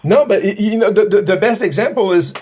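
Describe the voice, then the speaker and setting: A man's voice: high voice, a little fast, dark tone, husky. A man hosting a podcast interview, asking long, rambling questions full of restarts and fillers. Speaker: podcast host, paranormal investigator.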